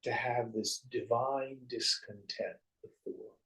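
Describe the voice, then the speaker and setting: A man's voice: medium pitch, fairly even intonation, unhurried, a bit bright, low-quality recording. A man teaching a class on spiritual verses, telling stories in a wry, joking way.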